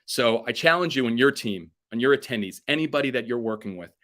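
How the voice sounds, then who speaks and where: Energetic man telling a motivational story. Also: fast talker. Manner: energetic storyteller acting out quotes with big pitch jumps. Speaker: keynote speaker.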